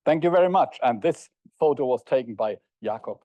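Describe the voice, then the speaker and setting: A middle-aged man lecturing at an academic conference, pausing to hesitate and often checking in with the audience with "yeah?". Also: mid-range voice, animated, no room sound. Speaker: university lecturer. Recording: dull, dry lo-fi recording.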